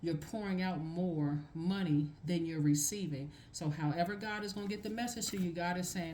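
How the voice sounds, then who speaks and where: Woman tarot reader with a lowish voice, emphatic, repeats lines for stress, faint noise underneath. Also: moderate pace, hardly any pauses. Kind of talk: casual tarot reading monologue.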